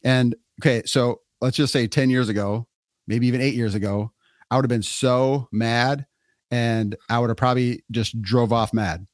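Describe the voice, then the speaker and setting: A middle-aged man speaks at normal speed and medium pitch, casually spinning a podcast story and performing the quotes of those involved. The audio is studio quality with no room sound.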